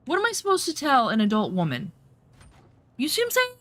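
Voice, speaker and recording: A woman's voice: high voice, a little fast. Blunt, swearing woman streamer. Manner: animated storytelling, acts out quotes. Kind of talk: casual chat while streaming gameplay.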